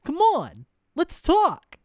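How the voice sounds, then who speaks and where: Man playing a creepy adult posing as a schoolboy, mocking wheedling sing-song, high voice, close dry sound. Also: wildly swooping pitch, extremely slow, no room sound, full character voice.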